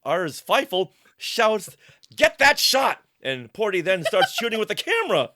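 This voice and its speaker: A man with a bright, forward voice co-hosts a casual podcast and recaps a comic story. His pitch swings widely as he reads lines aloud, and he breaks into laughter often. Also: huge pitch swings, normal speed.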